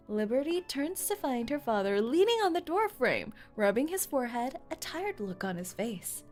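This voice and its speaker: Woman streamer reading a game story aloud, giggly and gushing, very high voice that swings widely, faint music under it. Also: very animated, moderate pace, few pauses, a little mellow.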